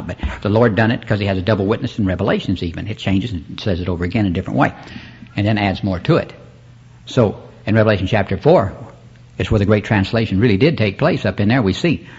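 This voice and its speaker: Husky-voiced male preacher, rambling sermon with congregation call-outs, muffled cassette sound. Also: fairly low pitch, a little mellow. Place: church service. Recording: dull lo-fi cassette recording.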